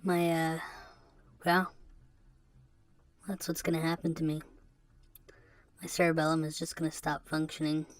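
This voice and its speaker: A woman talks alone into a podcast mic in a fairly low voice. She sounds depressed and subdued, and her confessional monologue is halting and rambling. Rueful laughs break up her sentences. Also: little pitch movement. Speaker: podcast host. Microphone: podcast microphone.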